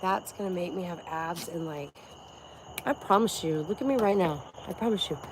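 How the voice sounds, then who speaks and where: A woman's voice: on the low side, moderate pace, background noise. Breathless, brash woman vlogging while exercising. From Florida. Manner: brash, profane and boastful. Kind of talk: casual vlog talk while working out.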